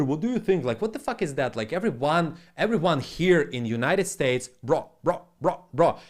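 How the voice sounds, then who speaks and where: Man, slightly high voice, blunt, profane, rambling, broken English, home live stream. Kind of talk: casual live stream monologue.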